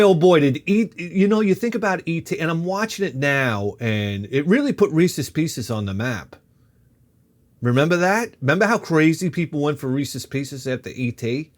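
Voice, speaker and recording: A man in his fifties telling a rambling comic story as a vlogger, animated and quick to swear, jumping from one tangent to the next. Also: medium pitch. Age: 50s. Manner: animated, swears freely, jumps between tangents.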